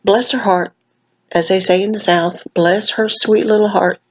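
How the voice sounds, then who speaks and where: Tired lady ranting on her vlog, bit slurry, calls everyone honey and baby, middle pitch. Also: fairly even intonation, normal speed, poor audio. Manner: folksy, emphatic, sprinkles "honey" and "baby". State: tired, slightly slurred speech. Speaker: vlogger commenting on another channel. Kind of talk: casual commentary rant.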